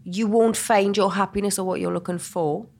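A woman in her thirties from England with a Geordie accent, a podcast guest talking in a soft, reflective way. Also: medium pitch, fairly even intonation, normal speed, vocal fry. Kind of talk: casual chat.

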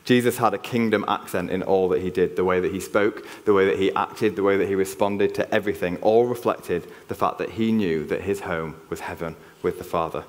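A man with a Yorkshire accent speaking in a chatty, animated way in a church video clip. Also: low-pitched, brisk, hardly any pauses, in a large hall. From Yorkshire, England. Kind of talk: lively personal talk.

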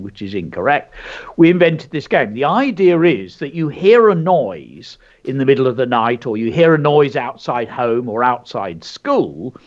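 A man's voice: medium pitch, big pitch swings, moderate pace. A man co-hosting a children's show, speaking in an enthusiastic, teacherly way and stressing words carefully. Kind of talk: educational chat for children. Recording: dull lo-fi sound.

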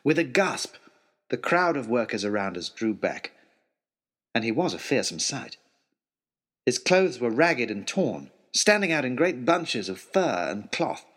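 A man narrating a children's adventure story in an expressive storytelling way. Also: mid-range voice, measured pace, breathy edge.

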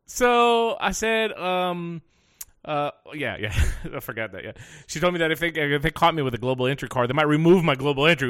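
A middle-aged man hosting a podcast, telling a story casually, animated and profane, getting heated as he recounts a complaint. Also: fairly high pitch, a little fast, dry recording, clean studio sound. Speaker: podcast host. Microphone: podcast mic.

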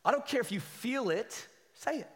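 High-voiced, animated pastor in a reverberant hall. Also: male voice, normal speed. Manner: animated, joking, keeps asking the crowd "right?" and "amen?". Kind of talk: conversational sermon.

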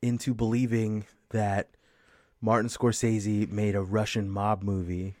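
A man's voice: lowish voice, level tone, a little slow, darkish tone, dry recording, studio quality. A man on a podcast talking in casual, profane banter, rambling and laughing often. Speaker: podcast co-host.

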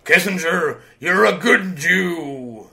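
A man doing a comedic impression of a gruff older male politician, talking slowly and low. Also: lively intonation, sharp tone, exaggerated voice. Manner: slow, low, drawn-out.

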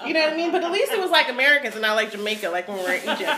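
Animated woman storyteller, echoey room. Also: very fast, crowd noise. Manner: animated storyteller, acts out people with a high excited voice. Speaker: co-host. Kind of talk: casual travel chat.

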